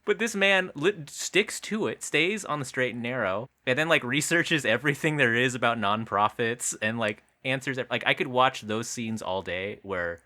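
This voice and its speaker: A man's voice: mid-range voice, expressive, normal speed, few pauses, sharp tone. A man co-hosting a podcast, chatting casually about a movie, laughing often mid-sentence and swearing freely. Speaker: podcast co-host. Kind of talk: casual movie review chat.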